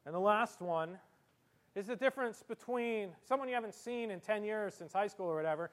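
A man preaching from the pulpit with a high voice for his sex. He is lively and theatrical, dropping into comic voices and leaning hard on sarcastic emphasis to drive each point home. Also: fairly quick. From Italian heritage. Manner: animated, with comic voices and exaggerated sarcastic delivery. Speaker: pastor. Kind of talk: sermon. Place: church.

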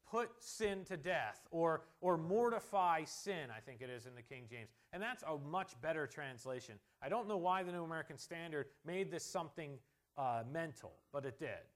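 High-voiced preacher with emphatic delivery. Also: male voice, animated, moderate pace. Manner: emphatic, swings from soft asides to loud stressed points; joking asides. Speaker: pastor. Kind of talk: sermon.

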